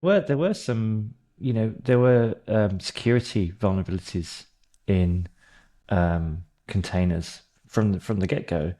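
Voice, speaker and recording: A man joining a podcast conversation as a guest, speaking in a measured, thoughtful way. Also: lowish voice, dark tone. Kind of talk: casual conversation.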